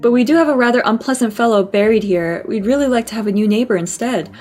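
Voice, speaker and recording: A woman's voice: on the high side, fast, darkish tone, faint music behind, close to an everyday voice. A woman reading out the lines of a lonely, gossipy ghost man in a game, in a plain voice. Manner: reads game dialogue aloud plainly.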